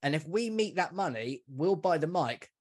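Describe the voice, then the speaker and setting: A man's voice: fairly high pitch, lively intonation, moderate pace. A man, a podcast guest, chatting casually about football and swearing freely. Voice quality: swears freely, calls listener mate and man. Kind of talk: casual chat.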